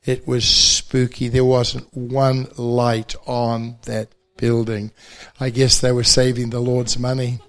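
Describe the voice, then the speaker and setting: Slow-spoken older New Zealand pastor. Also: male voice, medium pitch, level tone. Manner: anecdotal with self-deprecating humor, deliberate. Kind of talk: testimony speech at a banquet.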